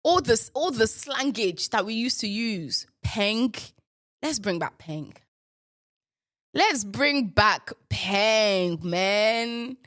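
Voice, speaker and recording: A woman hosts her own show, riffing and joking with the odd swear word. She keeps her voice deliberately pitched lower than usual and takes her time, unhurried. The recording is dry and close. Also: lively intonation, fairly bright tone, no room sound. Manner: playful, riffing, with bursts of profanity; deliberately lowered voice while in a male persona. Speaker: podcast host. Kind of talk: casual solo commentary.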